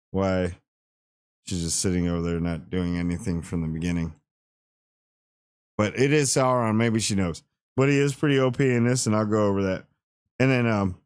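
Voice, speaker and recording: A man's voice: mid-range voice, a little mellow, dry recording, clean studio sound. A man hosting a casual spoiler review, rambling and slangy with playful asides. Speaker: TV review channel host.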